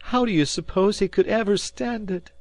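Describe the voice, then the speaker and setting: A man's voice: on the high side, completely flat delivery, moderate pace, no echo, pitched above the performer's own voice, close to an everyday voice. A man voicing a distraught wealthy mother who stammers and sounds near tears in an audiobook reading. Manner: shaky, breathless, stammering.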